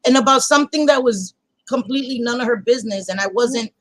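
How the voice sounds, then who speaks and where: A woman's voice: a little high, quick pace, a bit bright, no room sound, rough recording. A woman hosting a casual livestream chat, talking bluntly and heatedly and swearing freely. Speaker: channel host.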